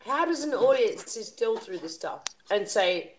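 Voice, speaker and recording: A woman's voice: mid-range voice, sing-song, unhurried, a little hiss or hum, rough recording. A woman hosting a casual panel chat, talking in an emotional, indignant rant. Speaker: livestream panel host.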